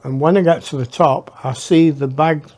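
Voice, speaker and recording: A man's voice: a little high, steady tone, normal speed, darkish tone. A man telling his memoir in a rambling, reflective way. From northern England. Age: 60s. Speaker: storyteller. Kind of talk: memoir storytelling.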